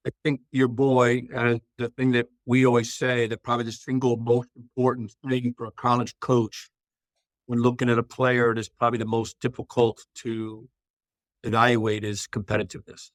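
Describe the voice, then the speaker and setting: Flat-toned matter-of-fact man. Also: mid-range voice, normal speed, no room sound. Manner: steady, matter-of-fact explanations. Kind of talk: casual podcast chat.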